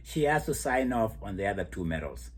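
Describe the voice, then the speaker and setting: A man giving a casual, animated monologue analyzing track races, often laughing as he talks. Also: fairly low pitch, moderate pace, breathy edge. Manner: laughs often while talking, animated storytelling. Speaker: athletics commentator.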